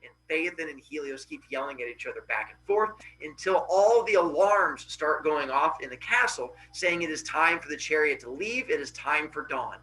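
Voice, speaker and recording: A man hosting a podcast, retelling a myth in a casual, animated, jokey way with playful asides. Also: fairly high pitch, moderate pace, few pauses, reverberant, distant mic, poor audio. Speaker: podcast host.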